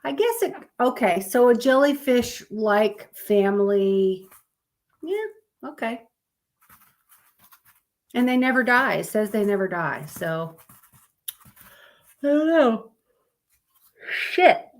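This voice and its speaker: A woman hosts a casual live stream, reading fun facts aloud and chatting with viewers. She sounds sleepy and talks at an unhurried, drawn-out pace, wandering off on tangents as she goes. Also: on the high side, sing-song. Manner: rambling, chatty, addresses viewers as y'all. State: sleepy, yawning.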